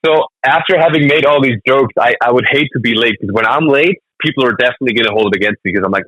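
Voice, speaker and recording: Fast, bright man telling stories. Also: mid-range voice, husky, no echo, highs cut off. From Germany. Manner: animated storytelling, laughs often. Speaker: comedian guest. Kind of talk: casual interview chat.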